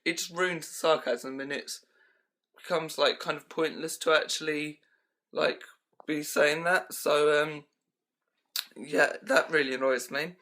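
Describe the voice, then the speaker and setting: Bright-voiced young man ranting. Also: a little high, steady tone, measured pace. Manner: rambling, full of fillers like "um" and "like". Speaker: vlogger. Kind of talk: casual ranting list vlog.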